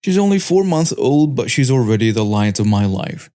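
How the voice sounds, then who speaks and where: A man's voice: medium pitch, very animated, normal speed, dark tone. A man reading a scripted first-person story with a dramatic storytelling delivery. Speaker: story narrator.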